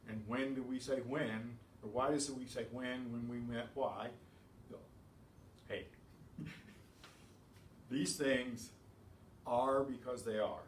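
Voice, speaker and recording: A man of medium pitch gives a beginners' Spanish classroom lesson, methodically explaining rules and tossing in chatty asides. The sound is echoey and distant-miked, with faint ambience and a little hiss or hum.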